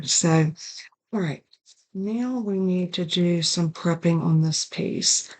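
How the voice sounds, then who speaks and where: Low-voiced woman demonstrating card crafting. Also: a little mellow, poor audio. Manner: chatty, apologetic about coughing. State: coughing and sneezing. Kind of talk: casual craft tutorial.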